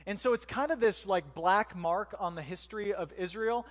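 A man's voice: sits high, normal speed, long reverb tail. A man giving a conversational sermon as pastor, using joking asides and rhetorical questions.

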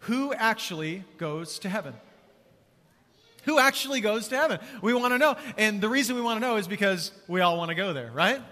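A man preaching to a large congregation in a casual, energetic way, with a high, bright voice. His words ring out with a long church-hall reverb trailing after them. He keeps prompting the crowd to answer back. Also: a little fast. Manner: energetic, conversational, calls for crowd response. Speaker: pastor. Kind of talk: sermon.

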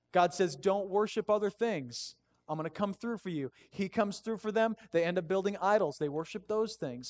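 A man pastor giving a conversational, animated sermon and reading scripture aloud. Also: high voice.

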